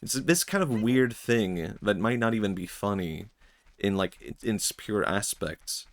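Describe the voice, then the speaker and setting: A man's voice: on the low side, lively intonation, measured pace. A young man streaming, talking in a rambling, reflective way with many fillers and frequent laughs. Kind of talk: casual stream chat.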